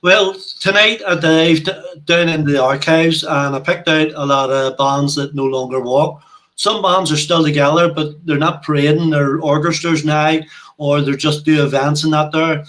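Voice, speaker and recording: A Northern Irish man talking as a guest in a relaxed, homely way. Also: fairly high pitch, normal speed. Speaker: guest presenter. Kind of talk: casual chat.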